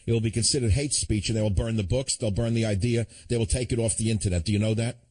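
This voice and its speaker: A man's voice: lowish voice, fairly even intonation, fast, a little mellow. A man hosting a call-in radio show, talking in a combative, sardonic way with chuckling asides. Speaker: radio talk show host.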